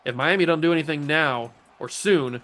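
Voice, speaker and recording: Gaming YouTuber, male, slightly high voice, lively play-by-play with playful trash talk, soft music underneath. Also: normal speed. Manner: excitable, playful trash talk about his own plays. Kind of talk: gameplay commentary.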